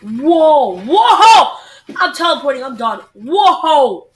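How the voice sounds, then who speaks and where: Teen gamer doing live commentary: high, bouncy voice that jumps all over and breaks into loud, swearing rants. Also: animated, unhurried. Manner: frustrated, swearing, loud outbursts. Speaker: gamer recording a video.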